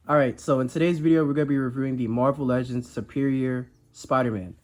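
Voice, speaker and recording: A man's voice: mid-range voice, fairly even intonation, moderate pace, a little mellow, soft background music. A man with a congested voice, under the weather, giving a rambling, self-deprecating toy review in a casual chat. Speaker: action figure reviewer.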